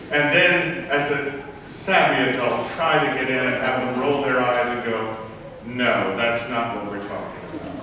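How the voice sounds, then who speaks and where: A man from Southern Maryland delivers a sermon in a bright, forceful voice, weaving wry personal anecdotes into his message. He sounds distant from the mic, his words ringing through a large reverberant hall with a long tail, over faint room ambience. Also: a little high, slight background noise. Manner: personal storytelling, wry and reflective. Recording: echoey hall, picked up from far off.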